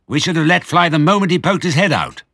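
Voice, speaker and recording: A crude, impatient farmer in a storybook, shouting his complaints high and hard, as an older man reads him. The voice is bright and dry, swinging widely in pitch. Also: expressive, quick pace, no echo. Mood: angry.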